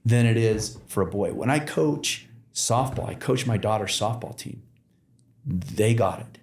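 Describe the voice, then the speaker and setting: A man's voice: lowish voice, lively intonation, measured pace, a little mellow. Rambling man in a roomy room. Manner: rambling storyteller with many fillers and restarts. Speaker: podcast guest. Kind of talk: casual conversation. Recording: roomy echo.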